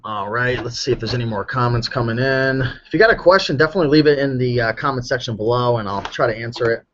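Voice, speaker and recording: A man chatting casually on a live stream, answering viewer questions about reselling clothes, relaxed and full of ums, a bit hoarse. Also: medium pitch, fast talker, dull audio, slight background noise. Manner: relaxed, chatty, with many ums and you-knows. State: slightly hoarse.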